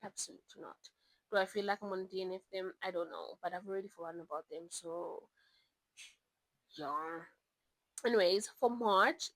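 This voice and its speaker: A woman's voice: mid-range voice, dry recording, low-quality recording. A young woman from South Africa talks to the camera in a loose, chatty way, wandering into asides before finding her thread again. Her voice sits in an ordinary middle register and is recorded close and dry, with no room sound around it. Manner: chatty, rambling, animated asides. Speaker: book vlogger. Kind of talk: casual chat.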